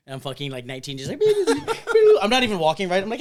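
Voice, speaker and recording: Young man, podcast host, comedian, animated storyteller, lively pitch. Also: a little fast, crowd noise. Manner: animated, laughing, crude storyteller. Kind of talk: casual chat, storytelling.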